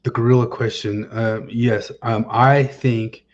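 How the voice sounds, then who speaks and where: A man hosting a casual podcast chat, rambling and often pausing with fillers while searching for names. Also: mid-range voice, little pitch movement. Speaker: podcast host. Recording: dull lo-fi sound.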